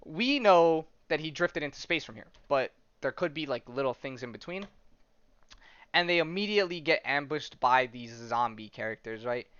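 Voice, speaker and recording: A man's voice: a little high, lively intonation, moderate pace, fairly bright tone, clear, resonant tone, no room sound, highs cut off. A man hosting a podcast, casually retelling a comic story in a rambling, laid-back way. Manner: rambling, laid-back, laughs at his own jokes. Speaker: podcast host.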